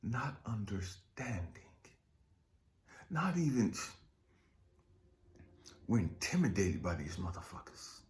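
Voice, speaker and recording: A man delivers a fiery motivational sermon, his pitch leaping and plunging from one phrase to the next. He is profane and confrontational, hammering the listener with rhetorical questions. He swings between shouting and low, muttered asides. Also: sing-song, slow, pauses often. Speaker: spiritual life coach. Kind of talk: impassioned motivational preaching monologue.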